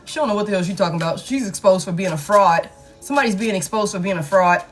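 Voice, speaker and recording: Over soft background music, a woman gives a casual tarot reading in a fast, mid-range voice. She is blunt and emphatic, swears a lot, and keeps repeating her points.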